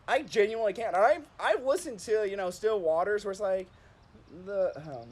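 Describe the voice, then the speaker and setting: A man's voice: sits high, sing-song, fairly quick, a little hiss or hum. A man chatting on a stream, telling stories in a rambling way, with lots of "like" and laughing at himself. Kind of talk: casual storytelling chat.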